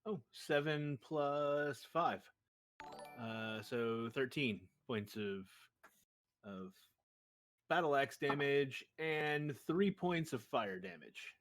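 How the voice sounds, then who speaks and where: Man, tabletop player, middle-pitched voice, chatty, playful. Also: lively intonation, takes it slowly, a bit bright, faint music behind. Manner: chatty, playful, fills with ums. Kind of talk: playing a tabletop game online.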